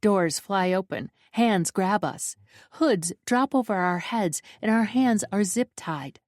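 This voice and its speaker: A woman narrating a first-person romance audiobook in an even, measured reading. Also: mid-range voice, no echo, studio quality.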